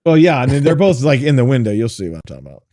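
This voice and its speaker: A man co-hosting a podcast in casual chat, relaxed and matter-of-fact. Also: mid-range voice, racing, no room sound, studio quality. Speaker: podcast co-host.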